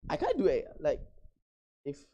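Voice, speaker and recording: A young adult VTuber streamer from Malaysia, chatting casually and getting flustered, often breaking into high laughter. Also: wildly swooping pitch, normal speed, warm tone, highs cut off. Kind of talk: casual live-stream chat.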